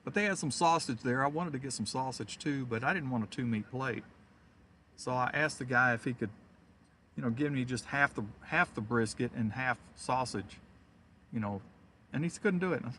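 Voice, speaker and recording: A man's voice: mid-range voice, moderate pace, sharp tone, a little hiss or hum. Chatty storm-chasing man in a car. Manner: chatty, rambling storyteller who chuckles often. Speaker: storm chaser streaming live. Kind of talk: casual live-stream chat.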